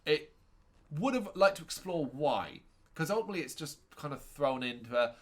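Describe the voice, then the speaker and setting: An animated man with a somewhat high voice talks at normal speed while co-hosting a casual film chat. Reviewing the movie, he's sarcastic and ranty, swearing and often correcting himself mid-sentence.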